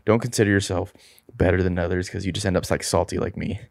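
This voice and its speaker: A man's voice: deep voice, steady tone, quick pace, gravelly, a little mellow, dry recording, clean studio sound. A man co-hosting a faith podcast, talking in a blunt, candid and self-deprecating way. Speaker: podcast co-host.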